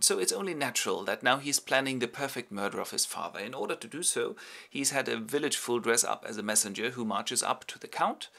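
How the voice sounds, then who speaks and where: Wry animated male narrator. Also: on the low side, creaky. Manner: wry, ironic asides. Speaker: host and narrator. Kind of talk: comic summary narration with toy figures.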